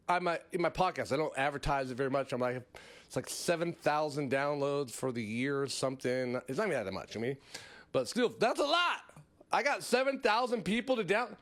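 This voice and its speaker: High-pitched guy rambling on his comedy podcast, voice jumping all over, laughing as he goes. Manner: rambling, laughing, mocking asides. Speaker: podcast host. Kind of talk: casual comedic monologue.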